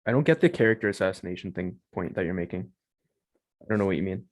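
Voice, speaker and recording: Low-voiced laid-back podcast co-host. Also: male voice, animated, fast, dry recording. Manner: laid-back, mostly brief backchannel replies. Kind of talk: casual podcast chat.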